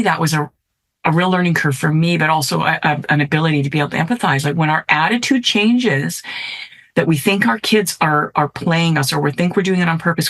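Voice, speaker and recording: A middle-aged woman, a podcast guest, tells a personal story earnestly and reflectively, often checking in with "right?". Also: low voice. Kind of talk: storytelling in conversation.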